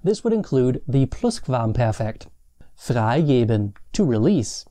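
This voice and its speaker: A man giving a scripted grammar lesson, reading the example sentences slowly and carefully. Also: medium pitch, big pitch swings, mellow. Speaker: language teacher.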